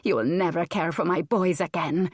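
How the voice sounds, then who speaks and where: A woman's voice: lowish voice, moderate pace, husky, dry recording, clean studio sound. A woman reading an audiobook voices a haughty, vengeful noblewoman who screams and threatens in melodramatic outbursts. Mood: cold, accusing.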